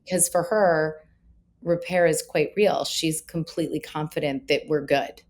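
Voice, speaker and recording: Low-pitched woman in her 40s, candid self-mocking storyteller, easy podcast chat. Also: fairly even intonation, normal speed, darkish tone. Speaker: guest parenting expert. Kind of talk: casual podcast conversation.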